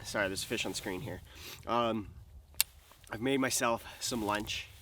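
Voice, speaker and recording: A man's voice: on the low side, unhurried, background noise. A young man vlogging from a frozen lake. He talks casually, swears and exclaims, and talks to the fish and to himself. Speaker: outdoor vlogger. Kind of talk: casual vlog narration.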